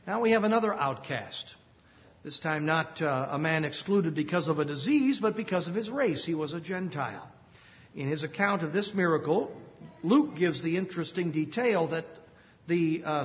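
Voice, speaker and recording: A man preaching an expository Bible teaching, measured and explanatory, with occasional filler pauses. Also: on the high side, lively intonation. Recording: long reverb, dull lo-fi sound.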